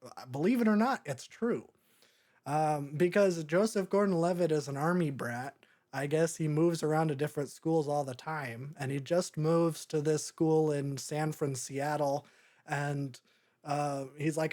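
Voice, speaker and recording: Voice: mid-range voice, measured pace. Rambling, laughing podcast host. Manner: rambling, animated, laughs often. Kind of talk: casual movie review chat.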